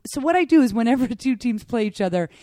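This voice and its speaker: A woman from the United States co-hosting a casual sports chat, animated and chatty, often restarting her sentences. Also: on the high side, quick pace, no echo, clean studio sound. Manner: chatty, animated, self-interrupting. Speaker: podcast co-host.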